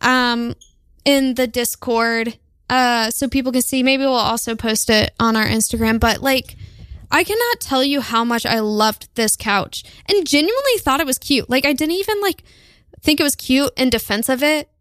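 A woman co-hosting a casual show, chatting with lots of "likes" and "ums" in an animated way. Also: high-pitched, normal speed, no echo. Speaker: podcast co-host. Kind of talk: casual chat.

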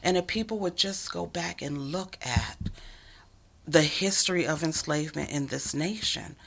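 A woman's voice: fairly low pitch, expressive, moderate pace, gravelly, slightly rough. A woman telling a personal story in casual conversation, earnest and emphatic, sometimes dropping to a near whisper.

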